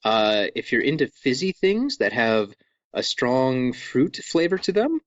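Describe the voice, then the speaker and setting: A man hosting a casual podcast, chatty and playful, fond of over-explaining. His pitch bounces around a lot as he talks. The close mic sounds dry and a little muffled. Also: a little slow, no echo. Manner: jokey, animated, over-explaining. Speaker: podcast host.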